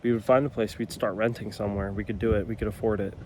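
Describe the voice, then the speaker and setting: A man's voice: fairly low pitch, fairly even intonation, fast talker, a little mellow, a little hiss or hum. A man in his twenties, a new father talking casually and earnestly to camera, rambling a little and restarting his sentences. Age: 20s.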